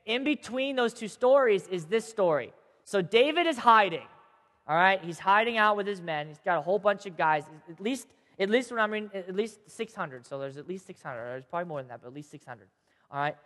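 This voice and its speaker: A man teaching a group of kids, telling a Bible story in a chatty, animated way and checking in with them often. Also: sits high, fairly quick. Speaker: youth teacher. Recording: long hall reverb.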